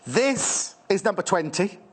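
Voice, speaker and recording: A British man presenting fabrics on a live TV shopping channel, rushed, gushing and a little out of breath. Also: sits high, sing-song.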